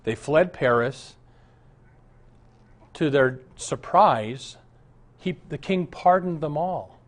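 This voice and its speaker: A man's voice: fairly high pitch, lively intonation, slow pace, pauses often. A male pastor preaching a sermon and then answering Bible questions in an earnest, storytelling way. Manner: earnest, storytelling, chuckles often.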